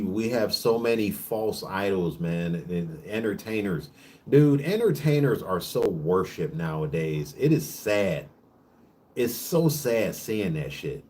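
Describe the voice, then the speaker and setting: A man hosting his own vlog, ranting in a casual monologue that is preachy, profane and emphatic, with rapid bursts and frequent restarts. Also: fairly low pitch, darkish tone. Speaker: vlog host.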